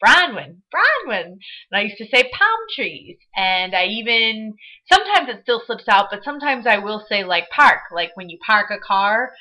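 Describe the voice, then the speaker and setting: A young Michigan woman with a Midwestern American accent chats casually and bubbly in her vlog, using lots of fillers. Her mid-range voice is expressive, bright, and forceful at a moderate pace, captured on dull lo-fi webcam audio.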